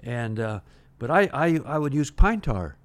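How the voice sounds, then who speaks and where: An older man, a retired pitcher, telling long anecdotes in a casual interview, with many restarts and "uh" fillers. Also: very animated, measured pace.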